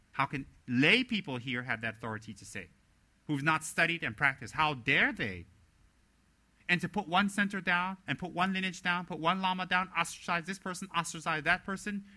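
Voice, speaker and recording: A man giving a dharma teaching as a Buddhist teacher, emphatic and sarcastic, firing off rhetorical questions. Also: on the high side. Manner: lively and sarcastic.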